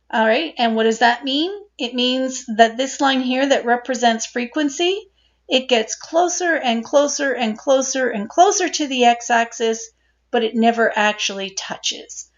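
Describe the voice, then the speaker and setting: A woman instructor giving a recorded statistics lecture, explaining step by step and checking in with "right?" as she goes. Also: fairly high pitch. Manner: explanatory, asks "right?" and repeats points. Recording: dull lo-fi recording.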